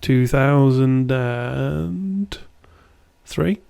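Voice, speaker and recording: A man's voice: medium pitch, extremely slow, creaky, darkish tone, clear, resonant tone. A young man co-hosting a podcast, giving blunt, dry opinions in casual chat. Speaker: podcast co-host.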